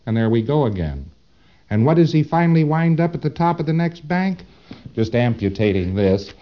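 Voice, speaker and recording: A man's voice: fairly high pitch, very animated, moderate pace, lo-fi sound. A man giving a lecture, speaking dramatically with rhetorical questions and acting out his examples. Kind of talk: recorded lecture.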